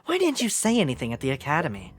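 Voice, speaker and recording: A woman voicing a worried young woman protagonist, speaking her thoughts low and half-whispered. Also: wildly swooping pitch, very fast. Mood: guarded.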